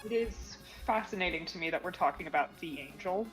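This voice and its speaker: A woman's voice: fairly low pitch, lively intonation, fairly quick, fairly bright tone, faint music behind, rough recording. A woman guest on a game stream, chatting casually in dry, short quips. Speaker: guest co-player. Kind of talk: casual chat.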